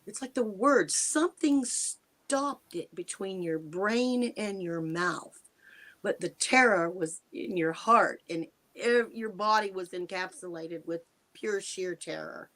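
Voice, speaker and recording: An older American woman tells her own story as an interview guest. She speaks in a halting, earnest way, restarting sentences and rushing or slowing as she goes. Her mouth is dry, and it catches on her words. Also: medium pitch, fairly bright tone. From United States. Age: 60s. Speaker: guest recounting a personal encounter. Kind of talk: emotional first-person storytelling.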